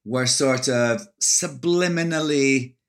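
A man's voice: mid-range voice, slow pace. A Scottish man, an actor and author, talking in an interview, thoughtful, with many restarts and hesitations. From Scotland. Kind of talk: interview conversation.

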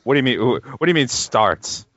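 A man's voice: mid-range voice, big pitch swings, brisk, a bit bright, dry recording, highs cut off. A man co-hosting a casual film commentary, joking and chuckling as he rambles. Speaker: podcast co-host.

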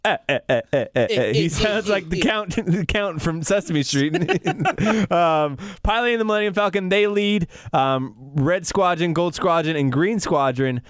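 A young man co-hosting a casual chat, jokey and animated, often acting out lines in silly voices. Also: high voice, a little slow, few pauses, clear, resonant tone, dry recording. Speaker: podcast co-host. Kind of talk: casual chat recapping a film.

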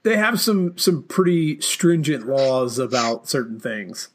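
A man's voice: medium pitch, takes it slowly. A man from the Southern United States co-hosting a casual chat, with wry stammering repeats.

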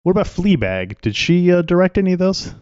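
A man chats with his co-hosts on a podcast and keeps the conversation moving with questions. His pitch is animated. The recording is dry and a little muffled. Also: a little fast, smooth, dry recording. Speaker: podcast co-host. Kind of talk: casual chat.

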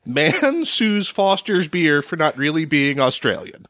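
A man's voice: a little high, big pitch swings, a little slow, a bit bright, no echo. A man co-hosting a casual podcast, steadily reading out news items with dry replies. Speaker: podcast co-host. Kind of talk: casual chat.

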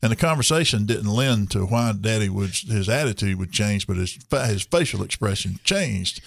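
A man's voice: on the low side, expressive, moderate pace, gravelly, no room sound. A man, hosting a radio talk show and telling a rambling, folksy story with chuckles.

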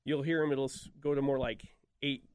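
A man speaking as an expert guest, explaining things in a quick, folksy, casual way. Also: mid-range voice, little pitch movement, darkish tone, clean tone, no room sound. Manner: quick, folksy explainer who demonstrates calls aloud. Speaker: duck-call expert guest. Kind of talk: casual podcast conversation.

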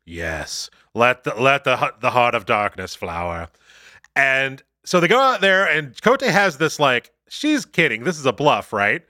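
Recapping a TV episode on a podcast, a male co-host retells it quickly and with animation, acting out the characters' lines as he goes. His mid-range voice comes through clean studio sound with no echo.

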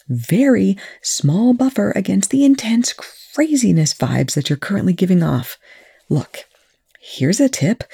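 A reader voicing Eli, a nervous, chatty young man who babbles and drops into hurried whispers. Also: medium pitch, dark tone, no echo, clean studio sound, pitched above the performer's own voice. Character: anxious young male tech whiz, chatty and nervous.

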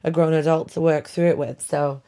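A woman's voice: low-pitched, flat delivery, normal speed, dark tone. A woman hosting her own podcast from her bedroom, chatting casually and wryly, laughing often as she vents. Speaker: podcast host. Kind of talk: casual solo podcast chat. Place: bedroom at home.

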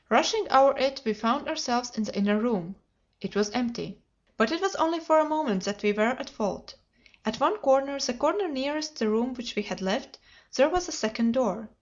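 Woman reading an old detective story, steady measured pace, fairly high voice, muffled home recording. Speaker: audiobook reader. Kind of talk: audiobook narration of a classic detective story.

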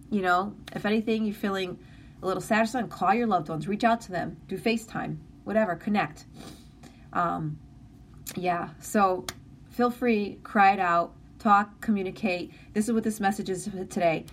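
A woman's voice: lowish voice, slight background noise. A middle-aged woman hosting a live stream, talking in an earnest, emotional, encouraging way, with many restarts, and reading out viewer comments. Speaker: livestream host.

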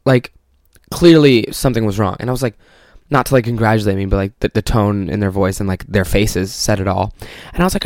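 A man's voice: on the low side, lively intonation, brisk, darkish tone, no echo. A young man from Canada hosting a solo podcast from his bedroom, telling rambling, profane, self-mocking stories. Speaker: podcast host. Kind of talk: casual solo podcast monologue.

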